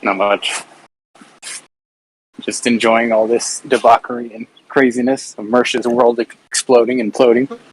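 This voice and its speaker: A man's voice: mid-range voice, little pitch movement, measured pace, slight background noise, poor audio. Laid-back man calling into a podcast. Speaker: guest caller. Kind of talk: casual podcast chat.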